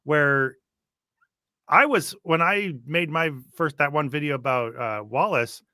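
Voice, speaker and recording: A man hosting a casual reaction chat, talking in an animated, sarcastic way and laughing often. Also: fairly high pitch, measured pace, no echo, studio quality. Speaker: host.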